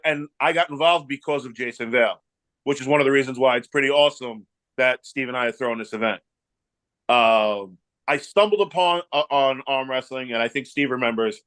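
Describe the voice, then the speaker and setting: A man's voice: medium pitch, brisk, no room sound. A man from the New York area, an event promoter, telling a story and acting out each person's lines. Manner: animated, acts out dialogue in anecdotes. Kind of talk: casual storytelling.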